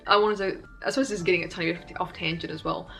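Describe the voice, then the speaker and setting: Flat-toned woman vlogging. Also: lowish voice, fast talker, gravelly, soft background music. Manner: candid, self-deprecating, laughs often. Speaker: YouTube creator. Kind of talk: casual reflective vlog talk.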